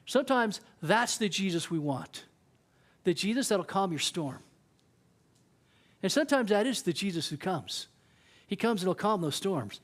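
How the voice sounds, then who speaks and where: A man's voice: sits high, very animated, unhurried, long pauses. A man preaching a casual, conversational sermon, often acting out what people in the story say. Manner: conversational preaching, acts out quoted voices. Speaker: youth pastor.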